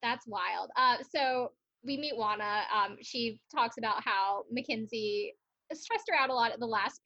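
A woman's voice: a little high, pushed and bright, muffled recording. Giggly chatty woman recapping a show. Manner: chatty, giggly, lots of fillers. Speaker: podcast co-host. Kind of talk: casual chat recapping a TV show.

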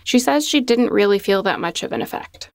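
Woman, documentary narrator, mid-pitched, dry close recording, steady even delivery. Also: fairly quick, creaky, no echo.

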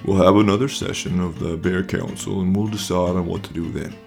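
King Kookaroo is a kindly, modest bear king with a low, gravelly, folksy voice, as a man reads him in a storybook. He speaks gently, and soft guitar music plays in the background. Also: fairly even intonation, fairly quick. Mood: thoughtful.

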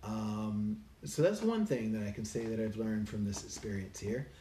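A man musing casually about a weekend event, rambling with many fillers and pauses. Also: on the low side, warm tone, distant mic, a little hiss or hum. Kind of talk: casual personal reflection. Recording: roomy echo, a bit off-mic.

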